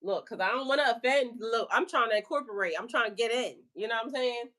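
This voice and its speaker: A woman with a slightly high voice chats with her livestream viewers, loose and playful. She talks in a relaxed, slangy way and breaks into laughter often as she answers comments. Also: fast talker. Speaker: spiritual life coach and channel host. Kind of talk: casual livestream chat with viewers.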